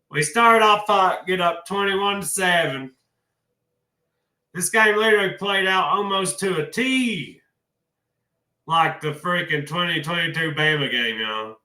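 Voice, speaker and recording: Heartbroken man with a bright voice. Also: high-pitched, measured pace, echoey room. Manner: emotional, folksy, addresses viewers as y'all. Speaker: college football commentator. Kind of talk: casual sports vlog.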